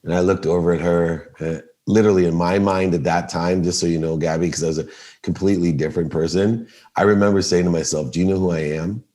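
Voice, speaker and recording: A man's voice: deep voice, fast talker. A middle-aged man telling a story in a casual podcast interview, acting out the lines of the people in it. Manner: animated storyteller, acts out quoted dialogue. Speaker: podcast guest.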